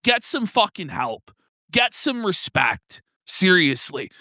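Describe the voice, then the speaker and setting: A young man co-hosting a crude comedy stream, mocking and loud, slipping into joke voices. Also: sits high, very animated, slow pace, no echo, clean studio sound. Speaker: podcast co-host.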